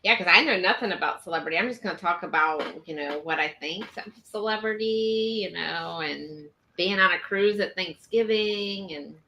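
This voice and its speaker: Bright chatty woman live-streamer. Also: on the low side, moderate pace, hardly any pauses, a little hiss or hum, poor audio. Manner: chatty, laughs often. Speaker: livestream host. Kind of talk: casual live-stream chat.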